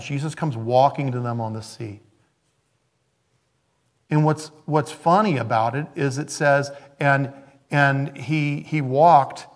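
A man preaching a sermon, telling stories in an animated way and acting out the voices in them. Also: mid-range voice. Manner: animated storytelling, acts out quoted voices.

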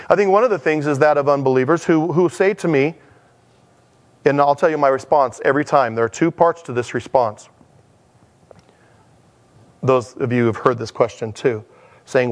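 A man's voice: on the high side, fairly quick. A man preaching a conversational sermon in a chatty manner, acting out dialogues as he teaches. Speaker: pastor.

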